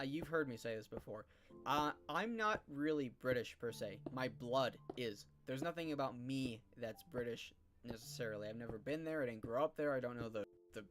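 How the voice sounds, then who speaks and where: A man's voice: medium pitch, a bit bright. A man from California hosting a live game stream, chatting casually and thinking aloud with lots of fillers. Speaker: streamer and host. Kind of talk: casual chat while gaming.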